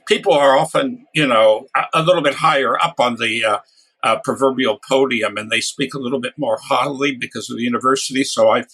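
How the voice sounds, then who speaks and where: An older man, a guest author, talking casually with frequent pauses and wry humor. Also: mid-range voice, steady tone, sharp tone, slightly rough. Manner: hesitant, many uhs and restarts, wry humor. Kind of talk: casual podcast interview.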